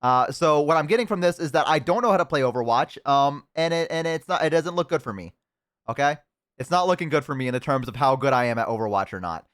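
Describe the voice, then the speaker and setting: A man's voice: a little high, expressive, fast, fairly bright tone, smooth. A man streaming, chatting casually with his viewers while eating, rambling with lots of fillers and restarts. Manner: rambling, self-deprecating, many fillers and restarts.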